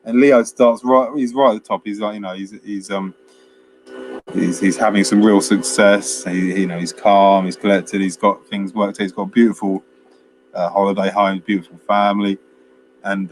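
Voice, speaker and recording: A man's voice: on the low side, slight background noise. A man, co-hosting a casual film review chat, rambling through scenes with quoted lines and frequent laughs. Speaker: podcast co-host.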